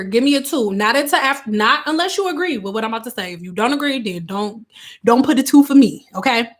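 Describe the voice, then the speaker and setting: Animated woman talking candidly on a livestream. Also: a little high. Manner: candid and animated, acting out quotes. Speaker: hairstylist and online host. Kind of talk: casual livestream talk.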